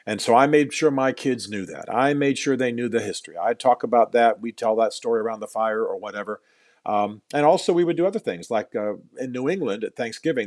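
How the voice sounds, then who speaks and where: A man's voice: medium pitch, darkish tone, dry recording. A middle-aged man, an author being interviewed on a podcast, telling stories in an earnest way, often repeating words as he builds a point and adding dry jokes at his own expense.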